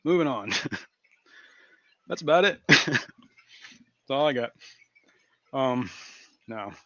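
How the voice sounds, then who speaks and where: A man's voice: mid-range voice, expressive, slow pace, fairly bright tone, dry recording. Brief: male stream host, giggly and loose, dry, muffled lo-fi audio. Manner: giggly, keeps cracking himself up. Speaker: fishkeeping livestream host. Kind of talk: casual live-stream chat. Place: indoor fish room.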